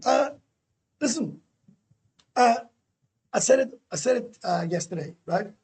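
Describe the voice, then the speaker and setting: A man calling into a livestream, telling stories in a rambling, excitable way with plenty of swearing and tag questions. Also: very high-pitched, measured pace. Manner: keeps adding tag questions. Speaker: guest YouTuber calling into a livestream. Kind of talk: casual livestream chat.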